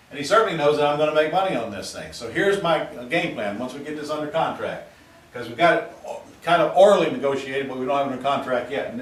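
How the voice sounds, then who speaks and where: A man teaching real estate investing in a folksy, emphatic seminar style, stretching out key words for emphasis. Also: a little high. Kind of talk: seminar-style sales talk to camera. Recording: roomy, from a distance.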